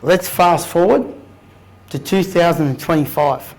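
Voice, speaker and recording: Aussie guy in his 30s telling his story to a crowd, straight-talking, bit of swearing, voice on the higher side. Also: unhurried, low-quality recording. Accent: Australian. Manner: candid and blunt, with casual swearing. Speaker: guest speaker. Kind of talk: personal story told to a live audience. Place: room full of people.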